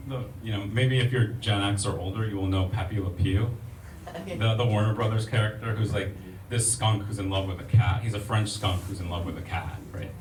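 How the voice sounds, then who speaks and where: An American man giving a poetry reading at a library event, reciting in a measured, rhythmic way with casual asides to the audience. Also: on the low side, fairly even intonation, a little mellow. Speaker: poet. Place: public library event room. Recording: echoey room, distant mic, faint ambient noise.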